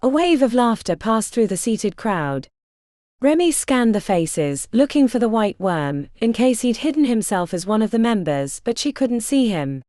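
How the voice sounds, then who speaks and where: A woman narrating a fantasy audiobook in an expressive, dramatic reading style. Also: on the high side, a little slow, dry recording, clean studio sound.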